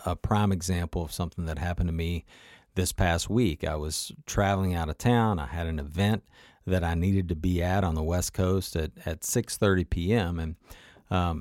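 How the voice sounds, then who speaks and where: A man's voice: sits low, darkish tone, no echo, clean studio sound. A man telling a personal travel story in a conversational, motivational way, often turning to the listener with asides.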